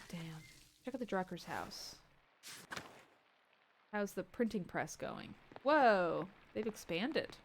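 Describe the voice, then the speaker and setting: A woman streaming a game, reading its dialogue aloud and breaking off into joking asides and soft muttered remarks. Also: a little high, expressive, a little slow, slight background noise. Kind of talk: let's-play commentary.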